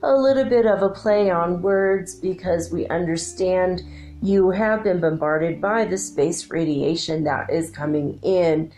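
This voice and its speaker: A woman speaking as a collective alien council in a channeled message, slow, measured and formal. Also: on the low side, warm tone, slight background noise, close to an everyday voice. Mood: solemn.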